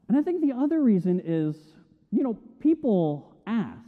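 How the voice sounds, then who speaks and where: Animated man preaching in an echoey hall. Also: very high voice, normal speed. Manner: animated storytelling, acts out shouted quotes. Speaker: pastor. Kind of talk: sermon. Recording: tinny phone-like sound with long hall reverb.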